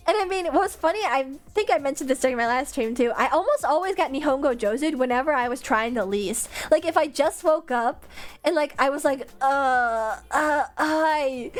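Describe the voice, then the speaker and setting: Animated high-voiced young woman streamer. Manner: animated, laughing, swooping pitch, many fillers. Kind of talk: casual stream chat. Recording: faint music behind.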